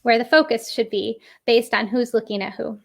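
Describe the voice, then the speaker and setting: A fairly high-voiced woman talks through puppetry technique as an interview guest. She explains with energy, leans on "right?" to check in, and slips into quick demonstrations along the way. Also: fairly even intonation, creaky.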